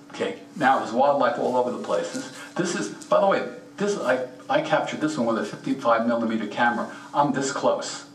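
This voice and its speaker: A man talks through a slide presentation in a plainspoken, folksy way, speaking straight to the audience. His voice sits at an ordinary middle pitch. The room is echoey, and he stands well back from the microphone. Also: far from the mic. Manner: plainspoken, folksy, gives practical advice directly. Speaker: presenter at a mineral show. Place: meeting room at a rock and mineral show.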